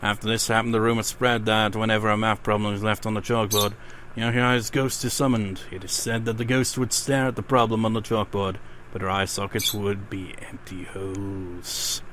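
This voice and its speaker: Bright-voiced man narrating gameplay. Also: lowish voice, little pitch movement, normal speed, a little hiss or hum. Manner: reads in-game ghost stories aloud, then rants with swearing and laughs. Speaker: let's play gamer. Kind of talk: casual gameplay commentary and reading aloud.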